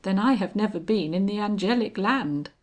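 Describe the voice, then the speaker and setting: A woman's voice: mid-range voice, expressive, moderate pace, close to an everyday voice. A woman voicing an innocent, puzzled angel in a storybook reading, speaking earnestly and with wonder. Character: innocent, puzzled angel newly fallen to earth.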